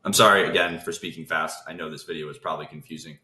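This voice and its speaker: A man with a very low voice runs through a casual trading lesson at a rapid clip. He keeps cutting off his own thoughts and starting over. The room around him has a clear echo. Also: steady tone, pushed and bright. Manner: fast talker who interrupts his own thoughts. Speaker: trading video host.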